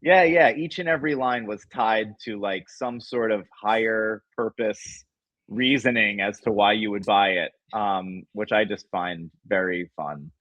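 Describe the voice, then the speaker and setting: A man's voice: fairly low pitch, measured pace, a bit bright, dry recording, highs cut off. A man co-hosting a podcast in casual chat, rambling and hedging with enthusiasm. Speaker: podcast co-host.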